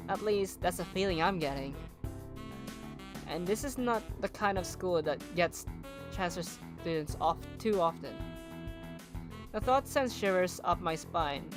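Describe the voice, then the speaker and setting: Australian woman streamer reading a game aloud. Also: fairly low pitch. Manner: chatty, breaks off to comment between read lines. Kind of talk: reading a visual novel aloud on a live stream. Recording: guitar music behind.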